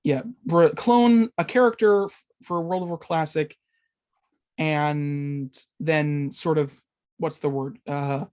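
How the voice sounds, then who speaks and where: A man's voice: fairly high pitch, fairly even intonation, slow, darkish tone, clean tone. A man hosting a casual gaming podcast, rambling with lots of fillers and stumbling over his words, swearing when he loses track. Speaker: podcast host.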